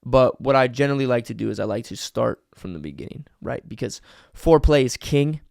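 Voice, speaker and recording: A male podcast host talks through his advice in an energetic, emphatic way. His voice has a gravelly rasp, and he leans on fillers and restarts. The sound is dry and close. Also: medium pitch, fairly quick, dry recording. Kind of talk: casual advice talk.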